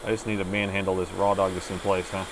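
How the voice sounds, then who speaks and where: A man's voice: low-pitched, little pitch movement, quick pace, background noise. A middle-aged man hosting a live laptop repair stream, joking with chat while he talks through soldering and testing. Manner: joking with chat, narrating his repair steps. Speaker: laptop repair livestream host.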